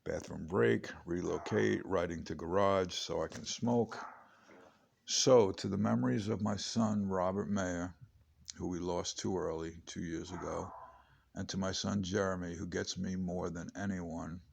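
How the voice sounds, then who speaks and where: A man's voice: sits low, steady tone, measured pace, creaky, a little hiss or hum. A man in his late fifties reading his own memoir aloud, chatty and digressive with wry asides. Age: 50s. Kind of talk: rambling memoir narration. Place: home.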